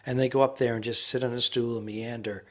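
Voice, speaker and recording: A man co-hosting a comedy podcast, chatting casually from a quiet room in a busy guest house. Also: medium pitch, little pitch movement, fast talker, a little hiss or hum. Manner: rambling, drops to a hushed voice. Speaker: podcast co-host.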